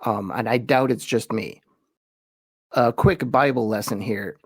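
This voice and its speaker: A man explains in an easygoing, chatty lesson, his voice sitting at a middling pitch. He slows down and leans on each word when reading quoted verses, and the recording is dry and close with no room sound. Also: husky, no room sound. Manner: reads quoted verses slowly with emphasis; relaxed, chatty explaining with asides. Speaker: host and teacher. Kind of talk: conversational lesson.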